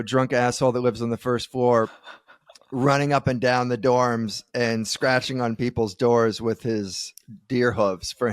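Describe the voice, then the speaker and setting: A man's voice: medium pitch, no echo. Podcast co-host, man, laid-back and reactive, with a plain mid voice and a dry sound. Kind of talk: casual comedy chat.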